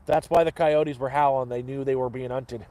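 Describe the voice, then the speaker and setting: A man's voice: mid-range voice, fairly even intonation, moderate pace, warm tone. A man hosting a live cooking stream from his camp, rambling cheerfully to viewers and swearing freely.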